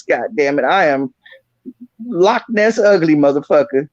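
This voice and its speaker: A man's voice: a little high, expressive, measured pace, no echo, highs cut off. A man hosting an online roast, ranting and mocking a rival with heavy cursing. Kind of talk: profane roast rant.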